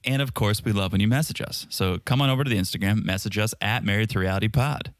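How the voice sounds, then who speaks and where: A man's voice: fairly low pitch, fast talker, no room sound, clean studio sound. A man co-hosting a podcast with his wife, chatting casually and joking around. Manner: joking, playful banter. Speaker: podcast co-host.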